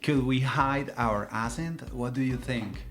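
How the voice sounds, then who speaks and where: A man's voice: mid-range voice, unhurried, a bit bright. A man with a Colombian Spanish accent co-hosting a podcast in English as a teacher, asking questions hesitantly with many restarts. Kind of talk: casual podcast chat.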